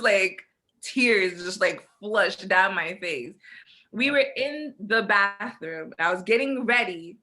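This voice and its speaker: A young woman co-hosts a casual podcast chat, telling her story in an animated way and acting out the lines other people said. Her voice is bright and forceful, with a mid-range pitch. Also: slow pace. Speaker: podcast co-host.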